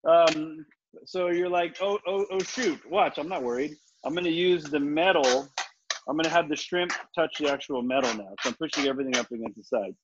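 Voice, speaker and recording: A man's voice: fairly high pitch, brisk. A man teaching a live online cooking class, chatty and confident, explaining each step as he cooks and answering questions. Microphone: video call. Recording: slightly dull video-call audio with faint noise.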